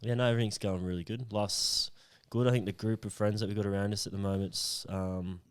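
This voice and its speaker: A man's voice: on the low side, level tone, brisk, smooth. An Australian man co-hosting a podcast, chatting casually in a laid-back, rambling way full of ums. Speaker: podcast co-host. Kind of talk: casual chat.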